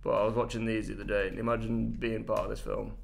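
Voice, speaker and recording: A man's voice: lowish voice, flat delivery, fast, gravelly, roomy sound, a little hiss or hum. A young man hosting a casual chat, full of crude, laughing banter. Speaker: host.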